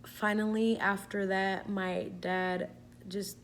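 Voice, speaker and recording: A woman's voice: medium pitch, little pitch movement, slow, slight background noise. Young woman vlogger, chatty and profane. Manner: chatty, swears freely, fills with "like". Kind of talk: casual storytelling.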